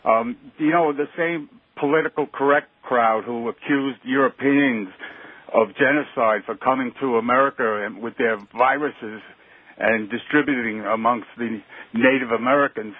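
Male phone-in caller, anxious and halting, husky voice on a tinny line. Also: medium pitch, no room sound. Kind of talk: phone-in call. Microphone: telephone.

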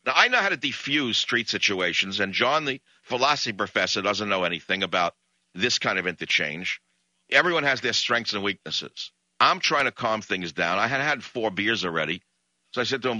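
A man hosting a radio talk show, telling a story in an indignant, animated way. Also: mid-range voice, fairly quick, no echo, highs cut off.

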